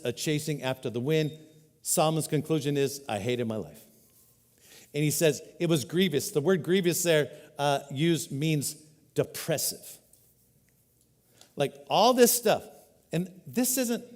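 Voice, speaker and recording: A man preaching a sermon as a pastor, earnest, swinging between loud emphatic peaks and quiet, dropped-down lows. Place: church hall. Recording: live hall reverb.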